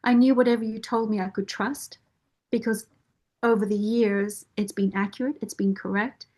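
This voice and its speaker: A woman at an ordinary, mid-range pitch speaks in a heartfelt interview testimonial. Her delivery is earnest and measured, with deliberate pauses between phrases as she chooses her words. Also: steady tone, darkish tone. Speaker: nonprofit board member and parent caregiver.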